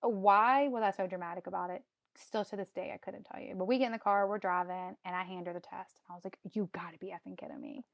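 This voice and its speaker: A woman's voice: mid-range voice, fairly even intonation, fast talker, dry recording, dull audio. A woman in her thirties telling her own story as a podcast guest, acting out her past reactions and laughing often. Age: 30s. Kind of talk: casual storytelling.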